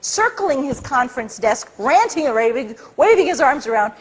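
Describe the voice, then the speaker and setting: A middle-aged woman speaking to an audience, telling a story in an animated way and acting out the people she quotes. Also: moderate pace, breathy edge. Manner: acts out quoted people with big pitch jumps. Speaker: speaker at a public talk.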